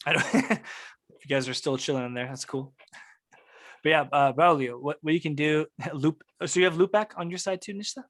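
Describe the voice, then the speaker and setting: A man's voice: fairly high pitch, normal speed. Laid-back man teaching music production. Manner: relaxed, technical explaining with fillers. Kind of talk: casual online workshop teaching. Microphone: video call.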